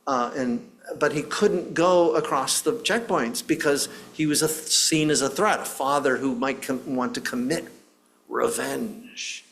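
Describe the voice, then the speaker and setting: A man's voice: medium pitch, gravelly, fairly bright tone, slight background noise. Earnest male minister telling a story. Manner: earnest, with frequent restarts and pauses. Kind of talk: sermon storytelling.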